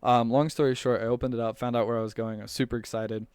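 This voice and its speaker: A man's voice: mid-range voice, flat delivery, quick pace, darkish tone, clean tone, no echo. Chatty young man telling a story. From United States. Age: young adult. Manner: chatty and rambling, with many fillers and restarts. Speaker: returned missionary telling his story. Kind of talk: casual personal storytelling.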